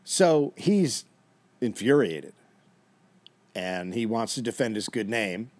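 A man's voice: fairly low pitch, lively intonation, slow, darkish tone. Man dryly retelling history. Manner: dry, matter-of-fact retelling with fillers. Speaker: podcast host telling the history. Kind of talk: casual storytelling.

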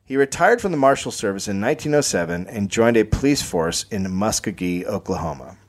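A man's voice: lowish voice, expressive, fairly quick. A man co-hosting a comedy podcast, telling a history story in a matter-of-fact way and swearing casually.

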